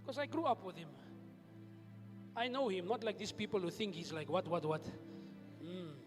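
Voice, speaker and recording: A male pastor with a South African accent preaching a fiery sermon, moving between hushed asides and shouted declarations. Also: high-pitched, moderate pace, long reverb tail, music in the background. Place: church hall.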